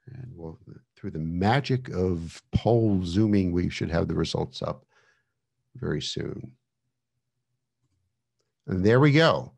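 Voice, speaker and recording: A man's voice: low voice, lively intonation, measured pace, vocal fry, pauses often, darkish tone, breathy edge. A man giving a casual online lecture over a video call, chatty, with many fillers and restarts.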